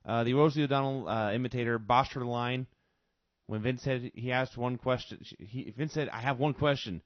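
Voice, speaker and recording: A man's voice: medium pitch, fairly even intonation, moderate pace, no echo. A man co-hosting a wrestling review podcast, giving dry, short reactions. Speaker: podcast co-host. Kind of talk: casual review chat. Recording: dry, dull lo-fi audio.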